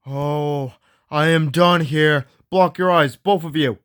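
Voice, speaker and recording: Excitable high-voiced man yelling. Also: slow pace, clear, resonant tone, dry recording, clean studio sound. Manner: excitable, often yelling out names. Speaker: ghost hunt host. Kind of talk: acted ghost hunt narration.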